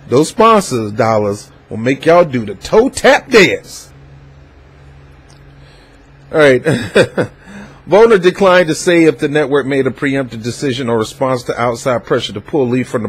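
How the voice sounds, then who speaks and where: A man's voice: medium pitch, breathy edge, rough recording. A man giving casual news commentary in a rambling, digressive way, full of fillers and asides. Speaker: vlog host.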